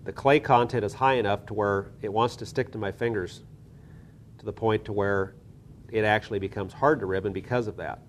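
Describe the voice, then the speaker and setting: Low-voiced man demonstrating a lab technique. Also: brisk, slight background noise. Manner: methodical, explains step by step with small restarts. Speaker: soil science instructor.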